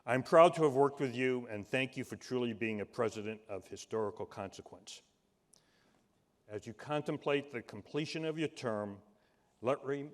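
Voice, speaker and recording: Boston-accented man presenting a tribute, measured delivery, booming hall reverb. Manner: measured, warm, fumbles when improvising. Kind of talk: prepared tribute speech. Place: large event hall.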